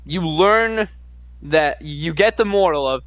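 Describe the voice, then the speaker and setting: A man's voice: a little high, expressive, slow pace, fairly bright tone, dry recording, highs cut off. A man co-hosting a casual movie review. He is sarcastic and blunt, swearing often as he mocks the film. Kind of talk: casual late-night review chat.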